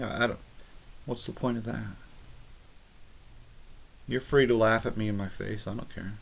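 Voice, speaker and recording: A man giving a rambling, halting monologue on scripture, arguing with critics he addresses directly. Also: mid-range voice. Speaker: religious video maker.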